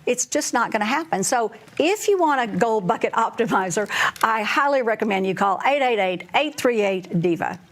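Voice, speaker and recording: This middle-aged woman's voice is on the high side, and she speaks at a normal speed. A financial advisor in casual conversation, she vividly acts out exchanges with her clients as she tells stories.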